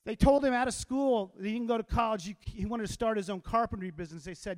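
A man, a teacher, giving an animated motivational talk to a live audience and telling stories to get the crowd involved. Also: high voice, fast, hardly any pauses. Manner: animated storyteller who gets the crowd to repeat lines. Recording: long hall reverb.

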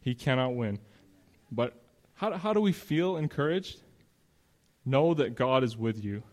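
A man's voice: mid-range voice, lively intonation, measured pace, darkish tone. A man preaching a sermon in a conversational way, reading scripture aloud and explaining it. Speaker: pastor.

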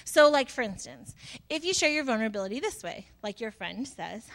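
A woman's voice: a little high, very animated, brisk, fairly bright tone. A woman in her thirties, a pastor giving a casual, chatty sermon with lots of fillers and self-deprecating asides.

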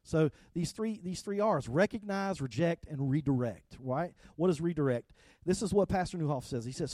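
Conversational pastor preaching, dry close sound. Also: male voice, fairly high pitch, expressive, normal speed, no room sound. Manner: conversational preaching with repeated starts and swings in loudness. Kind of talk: sermon.

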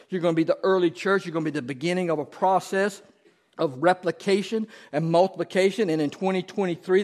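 Preacher man with a lifted voice. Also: a little high. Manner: conversational preaching with questions to the congregation. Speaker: pastor. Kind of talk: sermon.

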